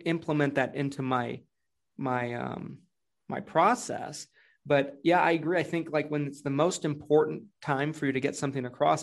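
A salesman appearing as a podcast guest, talking casually and filling his speech with many "like"s. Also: a little high. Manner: chatty, uses many filler "like"s. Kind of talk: casual conversational podcast chat.

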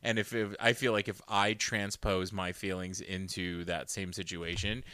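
A man co-hosting a casual podcast, laughing along and getting animated when he makes his point. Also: low voice, normal speed, smooth, dry recording. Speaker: podcast co-host. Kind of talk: casual recap chat.

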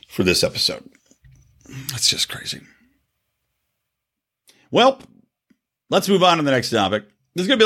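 Man host, fired-up political rant, bright husky voice, swings up and down a lot. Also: mid-range voice. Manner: heated, indignant, swearing, rhetorical questions. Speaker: podcast host. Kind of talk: ranting political commentary.

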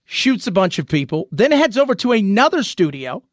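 A man hosting a commentary show, talking through the news in an animated, rhetorical way, often restarting his sentences. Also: high-pitched, normal speed, no room sound, studio quality.

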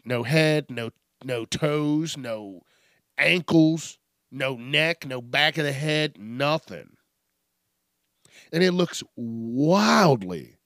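A man's voice: medium pitch, a bit bright, no room sound, clean studio sound. A man hosting a casual comedic news podcast, rambling and profane, poking fun at himself. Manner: rambling, profane, self-mocking. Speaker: podcast host.

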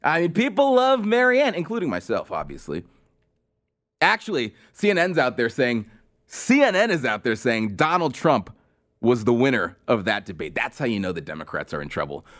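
A man's voice: mid-range voice, very animated, normal speed, a bit bright. A male podcast host delivering a sarcastic, mocking political commentary monologue with exasperated outbursts.

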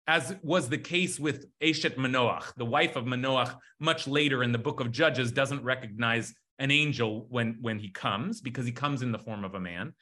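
A man teaching a lively text study class, talking excitedly with frequent restarts. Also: mid-range voice, normal speed, few pauses.

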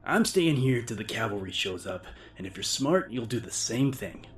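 A man voicing a grouchy, cowardly middle-aged male reporter, gruff and slow-spoken. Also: medium pitch, lively intonation, pitched above the performer's own voice, natural voice. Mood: smug. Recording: music bed under the reading.

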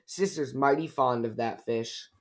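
A man's voice: mid-range voice, measured pace, natural voice. A man voicing a hearty father bear from a storybook, folksy and confident.

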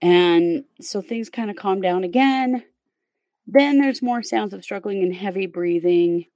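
A woman's voice: medium pitch, measured pace, warm tone, no echo. A woman hosting a podcast, telling a true crime case in a casual, step-by-step way with fillers. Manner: conversational, recounts events step by step with fillers.

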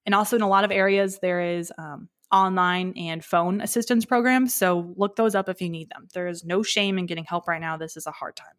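A woman's voice: on the low side, fairly even intonation, brisk, hardly any pauses, fairly bright tone. Upbeat young woman podcast co-host. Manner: upbeat, jokey, laughs often. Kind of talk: casual podcast chat.

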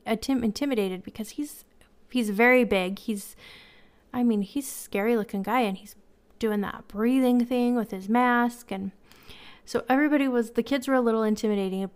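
A woman's voice: fairly high pitch, clean tone. A woman and mother hosting a podcast, telling stories in a chatty way and laughing often. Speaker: podcast host. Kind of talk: casual storytelling.

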